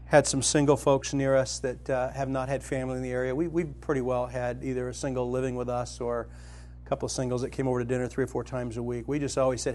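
A middle-aged man preaching a sermon, telling a personal story and retelling a parable, rising to loud excitement in the vivid parts and dropping soft in the tender ones. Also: quick pace, few pauses. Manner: storytelling, grows animated and loud when dramatizing, soft and low when tender.

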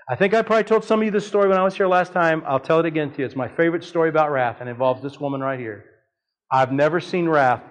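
Telling a family story from the pulpit, this fifties-aged preacher delivers with animation and vocal leaps on the dramatic quotes. His voice runs slightly high, and the recording quality is low.

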